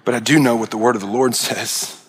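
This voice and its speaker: A man's voice: mid-range voice, fairly even intonation, a little fast, a little hiss or hum. A man preaching a sermon as pastor, impassioned, often repeating words and restarting mid-phrase.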